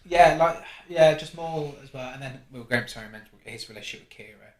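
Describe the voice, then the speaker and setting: A man hosting a casual film chat podcast. He talks in an animated, rambling way with frequent restarts. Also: mid-range voice, fast talker, reverberant. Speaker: podcast host.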